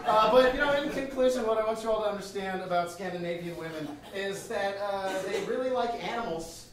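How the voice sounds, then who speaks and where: A male improv performer on a comedy club stage, giving a deadpan, hesitant comic speech. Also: sits high, brisk, crowd noise. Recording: echoey club from far off.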